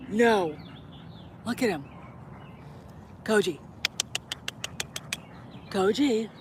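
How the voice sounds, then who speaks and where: A woman's voice: mid-range voice, lively intonation, drawn-out words, background noise. A middle-aged woman chatting casually to her viewers, blunt and opinionated, swearing freely. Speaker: host. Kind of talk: casual vlog chat.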